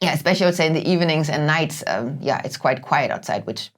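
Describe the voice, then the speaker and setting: A woman with a lowish voice hosts a casual chat. She speaks in a measured way and pauses on fillers as she gathers her thoughts. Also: expressive. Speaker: host.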